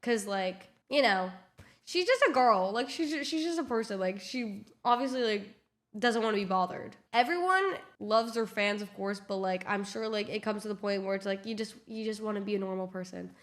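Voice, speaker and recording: A woman's voice: mid-range voice, normal speed. A young woman telling a casual storytime vlog, chatty and full of swearing and filler words, acting out what everyone said. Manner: chatty, swears a lot, lots of "like", acts out quotes.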